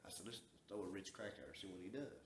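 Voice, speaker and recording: A man's voice: low voice, steady tone, fast, a little hiss or hum. A man from the Southern US telling a long story in a folksy, drawling way, acting out what people said. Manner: folksy, drawling, acts out quoted dialogue. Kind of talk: casual storytelling. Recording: echoey room.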